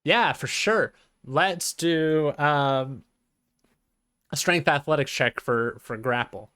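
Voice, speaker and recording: Game master, male: slightly high voice, dry close sound, halting narration. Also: pushed and bright, clear, resonant tone, no echo. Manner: hesitant, with many fillers and restarts.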